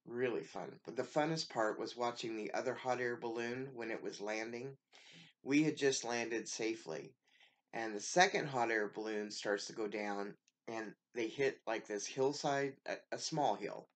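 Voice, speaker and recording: A craft vlogger from the United States opens a package in a casual show-and-tell, gushing with thanks over each piece. She has a bass voice.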